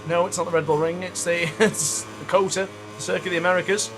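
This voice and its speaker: Fast-paced and high-voiced, a man streams his gameplay amid background noise. He excitedly commentates his own race like a mock sports caller and keeps breaking into frustrated outbursts.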